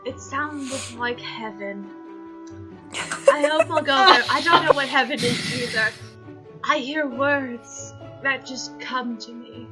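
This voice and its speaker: A woman voicing a dreamy, spaced-out young male bard who talks slowly and drifts from thought to thought. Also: a little high, close to an everyday voice. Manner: slow, drifting, wide-eyed delivery.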